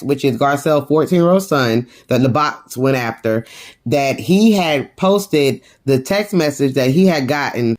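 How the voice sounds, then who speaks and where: A young adult woman recapping a reality TV reunion in a casual, blunt and profane way, telling the story with animated energy. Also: deep voice.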